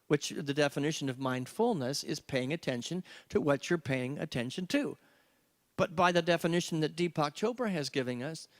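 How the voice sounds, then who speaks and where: A man serving as minister, leading a group meditation discussion in a reflective way, slowing down and stretching key words. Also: a little high. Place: church gathering with a live group. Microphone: handheld microphone.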